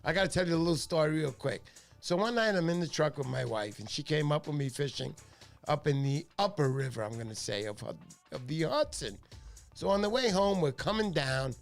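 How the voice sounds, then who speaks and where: A middle-aged man hosting a livestream, his voice sitting a bit high for a man. He chats casually and tells excitable stories, acting out the voices of the people in them. Faint music plays underneath. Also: vocal fry. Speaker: livestream host.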